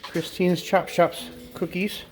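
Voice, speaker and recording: Low-voiced woman cooing to her birds. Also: little pitch movement, takes it slowly, heavy background noise. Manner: coos and baby-talks to the birds, jumping to a high pitch. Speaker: bird sanctuary keeper. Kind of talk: casual vlog talking to pet birds. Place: indoor bird room with cages. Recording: loud squawking birds behind.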